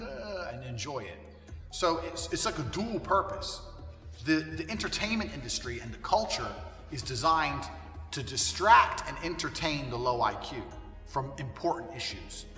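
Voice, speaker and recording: A man rants bluntly and profanely, his bright, lively voice rising and falling with force. He sits well back from the mic in a reverberant room, with faint music underneath. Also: medium pitch, recorded from a distance. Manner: forceful, swinging between loud and quiet. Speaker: commentator on culture. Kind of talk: ranting monologue.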